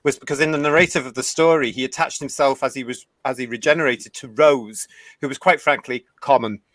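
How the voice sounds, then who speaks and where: A man hosts a casual podcast chat, explaining points patiently and stumbling over ums and repeats. His voice sounds dry and close, at a middle pitch. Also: fairly even intonation, a little fast, a bit bright, dry recording. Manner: explanatory, hesitant with many ums.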